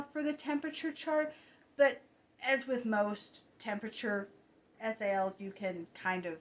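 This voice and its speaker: A woman talks about her cross-stitch projects in a relaxed, chatty way. She sounds tired late at night, often catching and correcting herself, and drops into soft asides now and then. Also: on the high side. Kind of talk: casual chat. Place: home at night.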